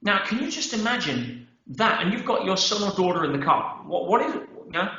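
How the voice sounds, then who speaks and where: Emphatic, bright-voiced male podcast guest. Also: sits high, moderate pace. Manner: emphatic, animated storytelling with acted-out quotes; peppers speech with "yeah?" and "right?". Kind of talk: conversational interview. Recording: roomy, dull podcast audio.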